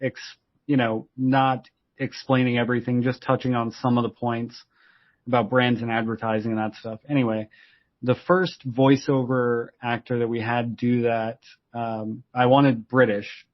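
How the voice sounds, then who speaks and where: A man's voice: medium pitch, little pitch movement, moderate pace. A man, a company founder, answering interview questions in an explanatory, hesitant way with lots of fillers. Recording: dull lo-fi audio.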